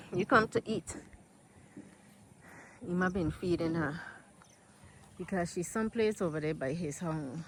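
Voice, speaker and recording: Slow-talking American woman outdoors. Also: slight background noise. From United States. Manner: chatty, talks to animals in a high coaxing voice. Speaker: vlogger. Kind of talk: casual vlog narration. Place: outdoors on a farm plot.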